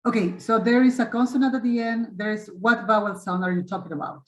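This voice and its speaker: A woman's voice: on the high side, fast talker, reverberant, poor audio. Encouraging woman teaching English online. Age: middle-aged. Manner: encouraging, repeats and corrects students. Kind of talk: online webinar class. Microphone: video call.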